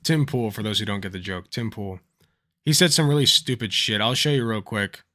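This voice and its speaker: A man's voice: on the low side, a little fast, pushed and bright. A man hosting a livestream, chatting casually and telling anecdotes, swearing freely and laughing at his own stories. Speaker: livestream host.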